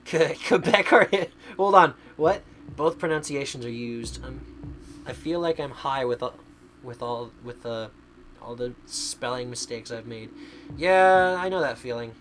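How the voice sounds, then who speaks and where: A man's voice: mid-range voice, unhurried, fairly bright tone, slight background noise. A man streaming a video game, chatting casually and rambling, often stumbling over his words. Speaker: VTuber streamer. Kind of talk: casual gaming stream chat.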